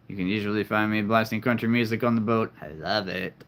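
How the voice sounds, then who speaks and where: A man hosting a casual livestream, chatting with viewers, laughing often and jumping up in pitch when excited. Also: brisk. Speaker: livestream host. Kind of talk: casual livestream chat reading comments.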